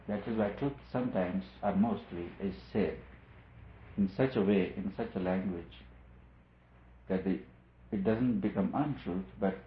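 A man giving a spiritual discourse as a teacher, talking in a measured, repetitive and emphatic way. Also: low voice. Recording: echoey room, phone-like lo-fi sound.

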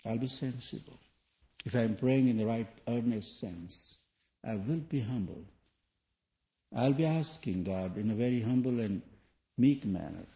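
A man's voice: medium pitch, unhurried, pauses often, warm tone. A man giving a spoken sermon to an audience, asking rhetorical questions in a loose, non-native phrasing. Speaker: spiritual teacher. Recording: dull lo-fi 1980s tape recording.

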